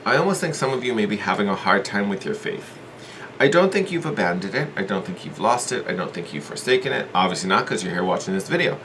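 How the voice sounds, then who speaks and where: A man's voice: on the low side, animated, fast talker, fairly bright tone, slight background noise. A man giving a casual tarot reading, thinking aloud with hedges and repeats in an earnest, encouraging way. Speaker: tarot reader.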